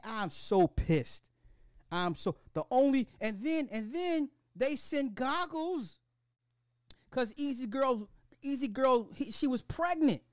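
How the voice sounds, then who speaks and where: A man hosting a podcast in casual chat, animated and slangy, with lots of restarts and swearing. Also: very high-pitched, smooth, no room sound, clean studio sound. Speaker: podcast host.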